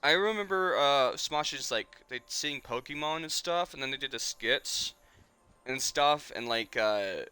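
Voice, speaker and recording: Bright, clear-voiced young man rambling. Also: mid-range voice, expressive, measured pace. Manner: rambling, emotional, swears often. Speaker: streamer. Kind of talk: casual nostalgic chat.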